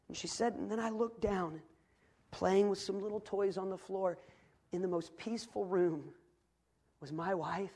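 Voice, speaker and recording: A middle-aged man, preaching a sermon that moves from quiet storytelling to fervent, loud preaching. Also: high voice, steady tone, unhurried.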